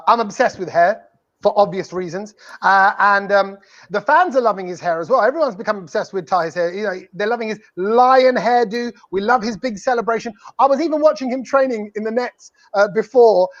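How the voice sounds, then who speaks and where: A man's voice: high voice, normal speed. A man hosting a casual fan preview show, playful and teasing as he asks his guests questions. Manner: playful, teasing, mimics accents. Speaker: host. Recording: slightly dull lo-fi audio.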